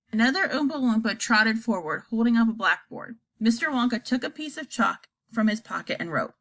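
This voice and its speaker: A woman narrating a children's storybook aloud in an expressive, animated way. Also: on the high side, fairly quick, few pauses. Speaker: audiobook narrator.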